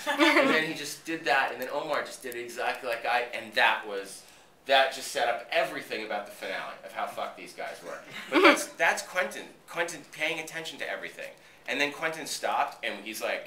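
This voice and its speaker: Animated boston guy telling set stories, swears a lot, does other people's lines, sounds kinda far from the mic. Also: mid-range voice, a little fast, a little hiss or hum. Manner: animated, profane, acts out what others said. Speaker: actor being interviewed. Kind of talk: casual interview storytelling. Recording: roomy echo, voice from a distance.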